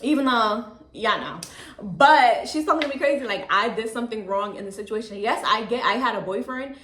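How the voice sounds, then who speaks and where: A young woman with a fairly high voice tells a storytime to her viewers in a calm, chatty way. She talks candidly and fills her sentences with "like." The room around her rings with echo. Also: fairly quick, slight background noise. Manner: chatty, candid, says "like" and "you know what I'm saying" a lot; calm, low-key delivery. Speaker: vlogger. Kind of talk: casual storytime.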